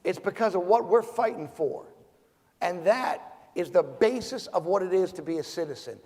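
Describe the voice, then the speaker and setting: A man in his forties speaks as a decorated veteran on a forum panel, firing off rhetorical questions with bursts of intensity. His voice sits notably high for a man. It rings with the long reverb of a large event hall. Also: lively intonation, normal speed, dark tone. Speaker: Medal of Honor recipient panelist. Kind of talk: impassioned forum speech.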